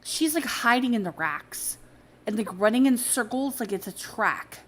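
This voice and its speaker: A woman's voice: fairly high pitch, lively intonation, normal speed, fairly bright tone. A woman in her thirties hosting a podcast from a home garage office, talking bluntly with plenty of swearing and laughter. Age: 30s. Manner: blunt, profane, laughing storytelling. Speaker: podcast host. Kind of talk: casual podcast chat.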